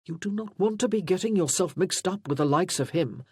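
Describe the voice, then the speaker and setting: A man voicing a loyal, protective gentleman friend in an audiobook, speaking warmly and earnestly. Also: fairly high pitch, animated, moderate pace, husky, no echo, clean studio sound. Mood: indignant. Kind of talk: audiobook character voice.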